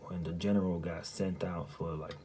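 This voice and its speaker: Man, deep low voice, profane rambling storyteller, keeps saying "you hear me?", slips into hushed whispers, faint background hum. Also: steady tone, normal speed. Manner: drops often into a hushed, breathy half-whisper. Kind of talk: casual spoken recounting of a dream.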